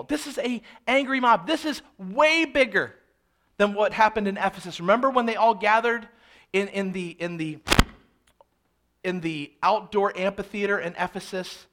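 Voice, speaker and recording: A man preaching an expository sermon, reading scripture aloud and then explaining it with animated, dramatic emphasis. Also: high voice, moderate pace. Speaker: pastor.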